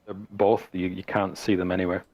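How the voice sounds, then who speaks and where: A man running a tabletop game, narrating in a fairly low voice. He pauses often and fills the gaps with ums as he describes the scene to his players. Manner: relaxed, halting narration with many fillers. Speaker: game master.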